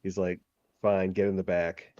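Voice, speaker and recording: Gruff, curt bartender, low voice, played by a male game master. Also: level tone, moderate pace, dark tone, muffled recording, a little hiss or hum, lightly acted.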